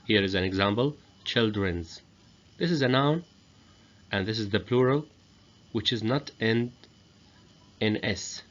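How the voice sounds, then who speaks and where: A man whose first language is Arabic, giving a grammar lesson as a teacher, explaining slowly and repeating each example. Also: on the low side, fairly bright tone. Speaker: English teacher. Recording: dull lo-fi recording.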